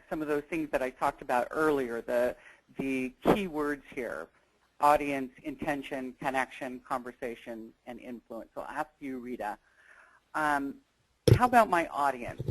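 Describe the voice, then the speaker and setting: A woman's voice: low voice, no echo, poor audio. A woman presenting a negotiation skills webinar, talking in a conversational, earnest way and weaving in personal stories. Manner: conversational and earnest, thinking aloud.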